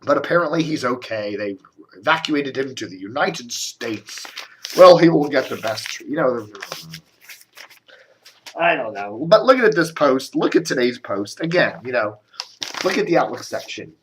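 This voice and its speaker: A man rambles through a casual media commentary, grumbling and sarcastic, his pitch jumping up and down as he goes. He coughs and restarts along the way. A faint noise sits under the voice. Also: animated, normal speed. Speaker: media blogger doing a video commentary.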